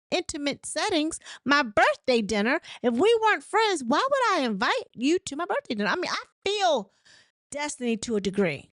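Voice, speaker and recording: Chatty woman recapping, higher voice, dry sound. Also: dry recording. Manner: chatty storytelling, retelling dialogue with frequent "she said"; opinionated, candid. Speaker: host of a reality TV recap show. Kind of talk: casual commentary recap.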